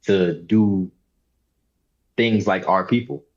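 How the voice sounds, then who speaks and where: Low-voiced man with muffled sound. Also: fairly even intonation, slow pace, a little mellow. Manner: emphatic, punchy one-liners. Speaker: panelist. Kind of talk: casual panel discussion.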